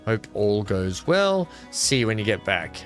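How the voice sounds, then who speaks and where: His voice runs low yet very animated, a bit bright, and a little slow, with faint music in the background. He's streaming a park-building game, chatting casually with viewers, rambling on, poking fun at himself and thinking out loud with many fillers.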